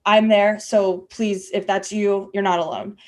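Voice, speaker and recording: In this candid conversational podcast, the female host chats freely, often using fillers and starting sentences over. She has a mid-range voice with a steady tone and an unhurried delivery.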